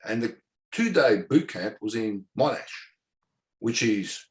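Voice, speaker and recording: A man in his forties with an Australian accent, a former footballer telling an animated story in conversation and acting out what others said. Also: lowish voice, measured pace. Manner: animated storyteller who acts out dialogue and laughs often.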